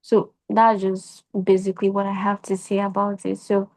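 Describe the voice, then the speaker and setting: A woman's voice: medium pitch, monotone, normal speed, darkish tone. A young adult woman with a Nigerian accent, a podcast guest giving earnest advice in casual conversation and posing rhetorical questions.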